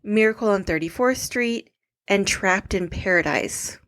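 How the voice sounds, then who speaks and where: A woman's voice: mid-range voice, unhurried, fairly bright tone. A woman co-hosting a comedy podcast, teasing her co-host and reading out facts and reviews. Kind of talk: casual comedic chat.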